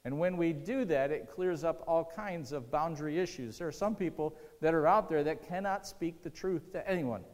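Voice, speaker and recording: A man's voice: a little high, normal speed, hardly any pauses, a little mellow. A man preaching a sermon as pastor, talking conversationally, repeating key lines and quizzing the congregation. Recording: long hall reverb.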